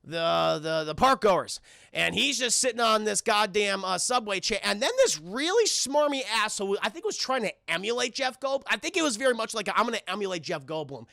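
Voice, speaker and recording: A man giving a casual, animated, profanity-heavy spoiler review of a film and talking straight to his stream chat. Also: high-pitched, normal speed, creaky, no room sound, clean studio sound.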